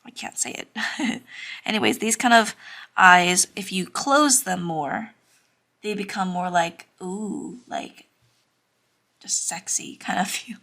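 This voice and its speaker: A woman's voice: mid-range voice, slow, creaky, pauses often, pushed and bright. A young woman teaching anime drawing in a casual, chatty way, with lots of fillers and some self-conscious giggling. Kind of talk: casual drawing tutorial narration.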